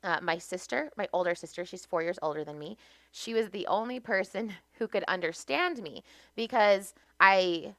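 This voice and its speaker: An American woman telling stories about her childhood as a podcast guest, animated and laughing often. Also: mid-range voice, normal speed, dry recording. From United States. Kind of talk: casual storytelling.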